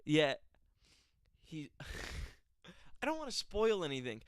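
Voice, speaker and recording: Male vlogger, casual film reviewer, clear smooth tone, dry room. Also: high-pitched, very animated, slow pace, pauses often, dry recording. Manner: chatty, laughing, exaggerated asides. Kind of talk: casual movie review vlog.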